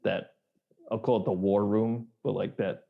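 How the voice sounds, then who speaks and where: A man's voice: fairly low pitch, fairly even intonation, measured pace, vocal fry, narrow, tinny audio. A man co-hosting a podcast in loose, rambling casual chat, swearing and acting out quotes. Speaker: podcast co-host.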